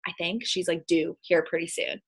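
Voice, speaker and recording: A woman's voice: lowish voice, moderate pace, breathy edge, low-quality recording. A young woman giving a casual, emphatic sales-team presentation over a video call, chatty and repeating her warnings. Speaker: network marketing presenter.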